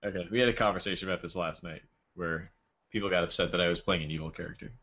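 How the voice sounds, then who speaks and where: Joking man at a gaming table, lowish voice, dull lo-fi sound. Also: very fast, a bit bright. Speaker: player. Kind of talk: casual tabletop game chat.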